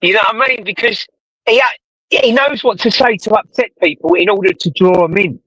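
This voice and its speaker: High, bright-voiced swearing British man. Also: brisk, slightly rough, no room sound, poor audio. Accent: British English. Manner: rambling, swears a lot, chuckles. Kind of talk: casual chat.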